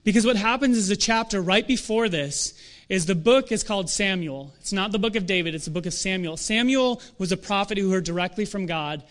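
A young adult man preaching a sermon in a conversational, animated way, with self-deprecating asides. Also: high voice, a little fast. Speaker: pastor.

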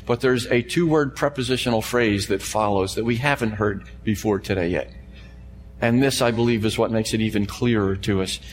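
Preaching man in a reverberant hall. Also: medium pitch. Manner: emphatic preaching, repeated phrases, questions to the congregation. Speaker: pastor. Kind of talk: sermon. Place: church sanctuary before a congregation. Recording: long hall reverb with faint hum.

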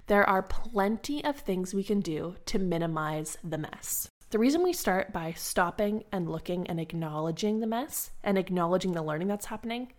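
A young adult woman, an early childhood educator, giving a calm, encouraging teaching talk to other educators in a conversational way. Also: on the low side.

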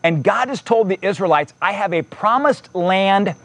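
A man's voice: high voice, expressive, moderate pace, no room sound. A man preaching a sermon in a conversational way, reading scripture aloud and adding casual asides. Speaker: pastor.

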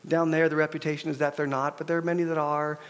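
A man's voice: a little high, fast, smooth. A middle-aged man, a pastor, giving a conversational sermon, telling stories and acting out the voices of the people in them. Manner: animated storyteller, acts out quoted voices.

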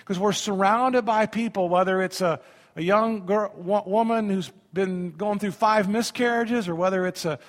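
A man's voice: high voice, moderate pace. A man in his fifties, a pastor preaching a sermon with emphasis and leading his congregation in call-and-response. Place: church sanctuary. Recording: reverberant church hall.

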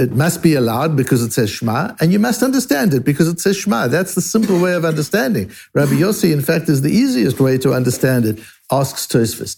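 A man with a slightly high, gravelly voice and a dark, mellow tone is teaching a Talmud lesson. He asks questions aloud and then answers them as he explains each step.

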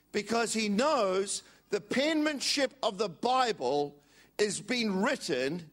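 Male pastor, slightly high voice, lively sermon delivery with call-and-response. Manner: lively, calls on congregation to repeat words. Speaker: preacher.

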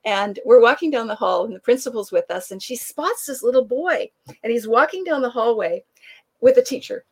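A woman guest telling a long anecdote in conversation, animated and laughing often, acting out the people she quotes. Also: on the high side, moderate pace. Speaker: author and guest. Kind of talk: conversational storytelling.

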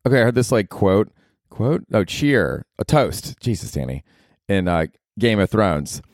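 A man hosting a casual comedy podcast, talking in a sarcastic, profane, animated way into a close mic. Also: fairly low pitch, a little slow, dry recording. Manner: sarcastic, swears a lot, animated asides. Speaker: podcast host.

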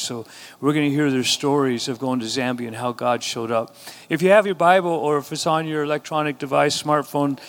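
A man's voice: mid-range voice, a bit bright. A man pastoring his church, preaching a sermon and rising to emphatic call-and-response exhortations. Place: church sanctuary.

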